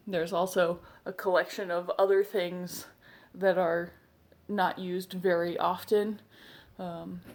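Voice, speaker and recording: Walking through her house room by room, a young woman vlogs a home tour in a creaky, medium-pitched voice. She chats casually, slightly winded, tossing in self-deprecating remarks.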